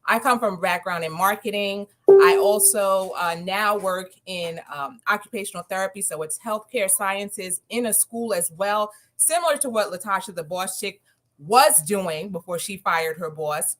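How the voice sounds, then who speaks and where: A woman's voice: mid-range voice, normal speed, fairly bright tone. A woman giving an earnest, upbeat personal testimonial on an online call. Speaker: guest speaker sharing a testimonial.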